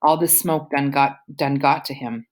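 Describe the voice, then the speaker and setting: A woman's voice: extremely low pitch, fairly even intonation, moderate pace. A woman reading the lines of a smug, threatening male gang leader in a storybook. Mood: menacing. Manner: dismissive, threatening.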